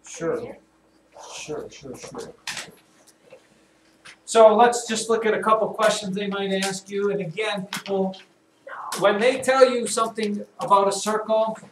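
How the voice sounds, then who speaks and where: Male teacher in an echoey classroom. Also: high-pitched. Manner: repeats key terms slowly, calls on pupils by name. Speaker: math teacher. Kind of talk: classroom lesson. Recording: echoey classroom from far off with noise.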